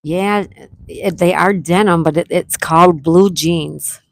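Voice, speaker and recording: A woman hosting a casual live-stream trivia game, greeting viewers by name, reading their chat replies aloud and repeating questions slowly. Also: fairly low pitch, fairly even intonation. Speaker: livestream trivia host.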